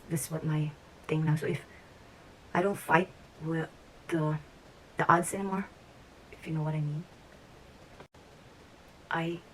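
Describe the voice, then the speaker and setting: Woman vlogging, low-ish voice, rambly and reflective, kinda whispery sometimes, little bit of hiss. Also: rough recording. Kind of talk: casual vlog talk to camera.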